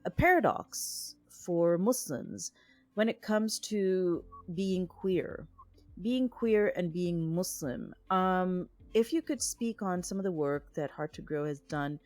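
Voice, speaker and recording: Soft-pitched woman podcast host. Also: slow pace, no room sound, faint music behind. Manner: hesitant, searching for words with fillers, brief backchannels. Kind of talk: casual interview questions.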